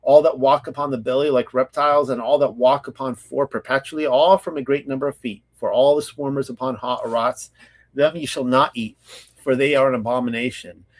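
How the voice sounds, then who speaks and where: A man from California hosting a Bible study, reading scripture slowly and then commenting in a loose, casual way full of fillers and restarts. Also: mid-range voice, steady tone.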